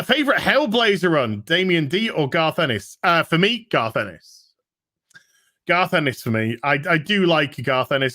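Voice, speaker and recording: A man, casually reading viewer messages on a livestream with jokey asides and sudden outbursts. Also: on the high side. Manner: animated, jokey, with sudden shouts. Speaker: livestream co-host reading super chats.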